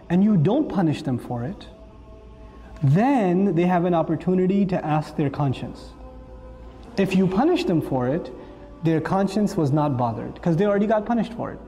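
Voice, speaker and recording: A man giving a humorous parenting talk, acting out dialogues between parents and children. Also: high voice. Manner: animated, acts out quoted dialogue. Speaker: parenting speaker. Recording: long reverb, faint music.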